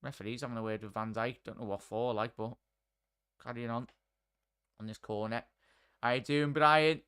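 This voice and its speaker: Hosting a live football watchalong, this man calls the action while chatting with his audience and naming viewers and chat directly. His medium-pitched voice is smooth and slightly bright, keeping a steady tone at a moderate pace.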